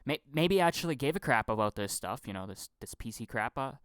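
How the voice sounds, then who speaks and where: A man's voice: medium pitch, animated, fast, a bit bright, clean tone, no echo, clean studio sound. A young man ranting casually about film acting, stammering, repeating himself, swearing often and acting out mocking impressions. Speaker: film commentary vlogger. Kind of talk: casual profane rant.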